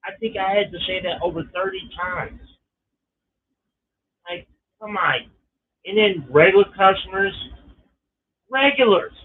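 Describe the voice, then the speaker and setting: A middle-aged man telling a personal story in a casual, profane, exasperated way. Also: high voice. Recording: tinny phone-like line.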